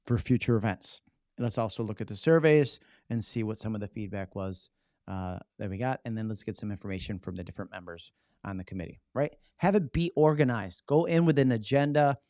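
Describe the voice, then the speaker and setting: Energetic man coaching on a live stream. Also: on the low side, brisk, dry recording, studio quality. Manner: energetic, keeps checking in with "right?". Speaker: public speaking coach hosting a live stream. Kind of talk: casual live-stream teaching.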